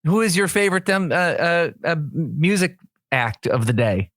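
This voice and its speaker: A man's voice: fairly high pitch, expressive, moderate pace, a bit bright, dry recording. A man co-hosting a comedy podcast, asking wry, mock-serious questions. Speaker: podcast co-host. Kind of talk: casual comedy chat.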